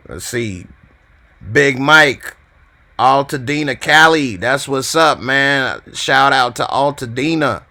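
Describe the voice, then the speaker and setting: A man's voice: mid-range voice, bright, forceful tone. A man hosting a live show, reading fan comments in a laid-back, slangy, chatty way. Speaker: show host.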